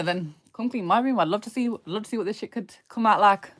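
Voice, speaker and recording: A woman's voice: medium pitch, quick pace, no echo. A woman in casual livestream chat from her bedroom, blunt and self-critical, swearing freely. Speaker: livestreamer and rapper.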